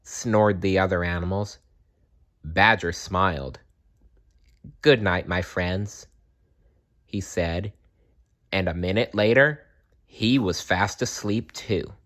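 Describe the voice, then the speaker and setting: A man reading a children's story aloud in an expressive way, sometimes correcting himself. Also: low-pitched. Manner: slow, expressive reading with small self-corrections.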